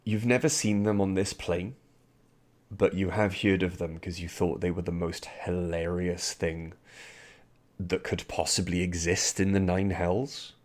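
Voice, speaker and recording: A very deep male voice narrates a tabletop roleplaying session as game master. His delivery is loose and rambling, full of asides and restarts as he describes the scene to his players. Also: fairly even intonation, measured pace.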